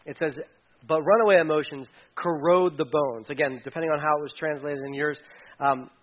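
A man preaching a sermon in a conversational way, dropping to quiet asides and rising to loud, emphatic bursts. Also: on the high side, fairly even intonation, a little fast, dull audio. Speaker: pastor.

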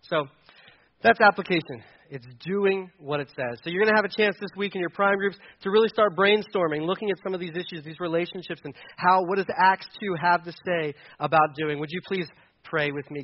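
A man's voice: high voice, a little fast, lo-fi sound. A man in his thirties preaching a sermon as pastor, passionate and conversational, slipping into mocking voices to make his point.

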